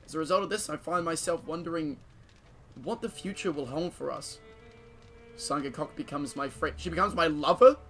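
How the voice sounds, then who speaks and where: A man with a slightly higher voice gives loose, profane commentary over a strategy game, joking to his viewers and reading events aloud. Faint game music plays softly behind him. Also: normal speed. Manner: casual, profane, joking banter with frequent laughter. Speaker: streamer. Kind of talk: gameplay commentary.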